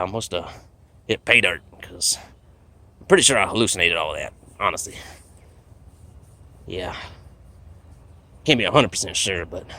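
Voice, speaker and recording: A man's voice: deep voice, gravelly, sharp tone, slight background noise. A man telling a rambling comedic story in a laid-back drawl, full of fillers.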